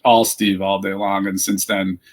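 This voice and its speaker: A man's voice: low-pitched, flat delivery, unhurried. A middle-aged man, a team founder and CEO, telling stories in a casual interview and acting out the quoted exchanges.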